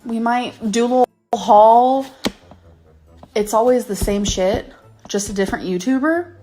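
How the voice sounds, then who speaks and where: A woman's voice: on the high side, a little slow, warm tone, faint music behind. A woman in her thirties ranting angrily to camera in a vlog, swearing and stressing her words. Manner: angry, profane, emphatic rant. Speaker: YouTuber.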